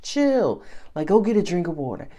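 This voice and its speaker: A woman voicing a motherly nervous system that calms someone down after a scare in a soft, slow way. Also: on the low side, pitched below the performer's own voice. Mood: soothing.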